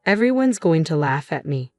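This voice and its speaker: A woman's voice: low-pitched, big pitch swings, moderate pace, a little mellow, no echo, clean studio sound, soft background music. Woman reading as a tearful twelve-year-old girl. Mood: distraught. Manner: sobbing, pleading.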